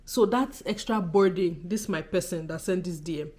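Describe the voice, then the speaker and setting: Straight to camera, a young woman from Nigeria vents in her vlog, her Nigerian-accented voice low-leaning and a little mellow at a moderate pace. Emphatic and fed up, she keeps repeating rhetorical questions.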